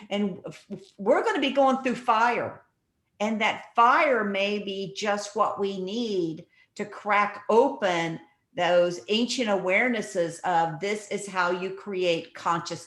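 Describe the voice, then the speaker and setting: A woman's voice: mid-range voice, a bit bright. An earnest woman speaks on a video call and tells stories in a loose, restarting way. Her voice has a roomy echo around it. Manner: earnest, storytelling, many restarts. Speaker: guest speaker. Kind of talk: casual talk on a video call.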